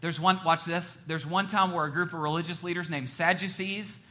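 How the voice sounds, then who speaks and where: A male pastor in full sermon flow, animated and cracking jokes at his congregation between scripture readings. His voice sits high for a man and rings bright and forceful, preaching in a church. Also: normal speed. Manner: animated, joking asides to the congregation.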